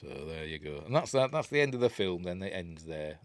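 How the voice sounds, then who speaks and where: A man's voice: low-pitched, sing-song, fairly quick, no echo, studio quality. An older man with a Yorkshire accent, casually talking through a film review with rambling, self-interrupting chat and wry asides. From Yorkshire, England.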